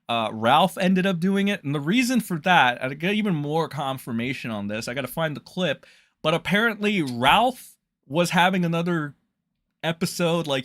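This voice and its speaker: A man's voice: on the high side, a bit bright, no room sound, clean studio sound. A man ranting in a casual commentary, profane, scornful and rambling.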